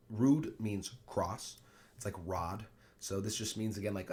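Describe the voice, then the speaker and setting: A man's voice: on the low side, animated, moderate pace. A man teaching a play line by line, reading quoted lines in raised voices and then explaining them plainly.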